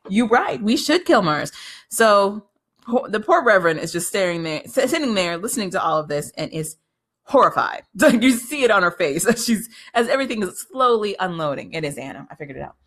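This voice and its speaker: A woman's voice: medium pitch, expressive, fairly quick, a bit bright. A woman giving a casual, chatty recap of a TV episode, swearing freely and laughing as she talks. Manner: chatty, profane, laughs often.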